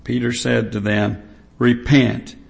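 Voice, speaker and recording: A man preaching a sermon, reading scripture aloud and stressing points slowly and emphatically with repetition. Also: mid-range voice, little pitch movement, creaky.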